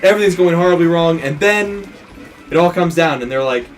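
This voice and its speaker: A man's voice: fairly high pitch, a little fast. A man co-hosting a let's play, casually retelling a film plot in a rambling way, with many restarts and acted-out quotes.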